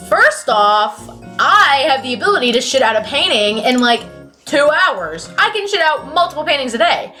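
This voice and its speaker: A teenage woman streaming, chatting casually and excitably, cursing often and swinging from loud outbursts to mumbles. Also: high voice, brisk, soft background music. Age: late teens. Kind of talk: casual chat.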